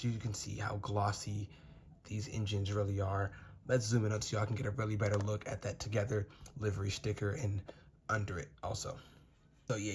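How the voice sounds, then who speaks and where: A young man with a somewhat low voice talks casually into a phone while unboxing model airplanes. He gushes and rambles, piling on praise for every detail. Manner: enthusiastic, gushing, rambling. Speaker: model plane reviewer.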